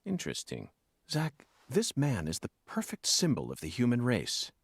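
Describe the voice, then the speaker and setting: A man's voice: medium pitch, wildly swooping pitch, normal speed, creaky. An actor playing a philosophical male agent in a video game, speaking in an earnest, musing way. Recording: game audio with noise.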